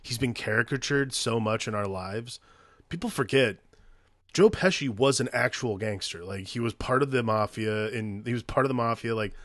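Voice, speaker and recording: A man's voice: medium pitch, normal speed, a bit bright, dry recording. Man, podcast co-host, rambling, lots of "like", casual film chat, dry close sound. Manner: rambling, hedges with "like".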